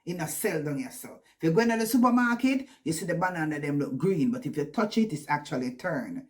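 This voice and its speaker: A Jamaican woman telling stories casually to camera, animated and laughing often, mixing in patois. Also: low-pitched, quick pace. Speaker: vlogger. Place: living in the West Country of England.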